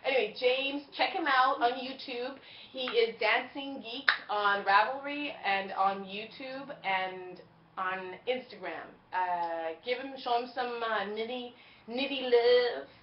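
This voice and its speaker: A rather high-voiced woman from Jamaica hosts a casual podcast, rambling and giggling through her thoughts with lots of ums. Her voice bounces around a roomy space, and the lo-fi recording sounds dull. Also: takes it slowly, slight background noise. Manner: rambling, giggly, many fillers. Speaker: podcast host.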